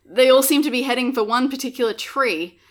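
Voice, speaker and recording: A woman's voice: high-pitched, brisk. A woman narrating a tabletop game as game master, playful and often laughing.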